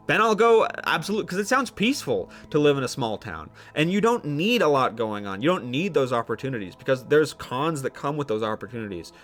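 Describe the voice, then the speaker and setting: A man's voice: fairly high pitch, lively intonation, normal speed, fairly bright tone, soft background music. A young man streaming live, rambling animatedly through his thoughts with casual swearing and frequent restarts.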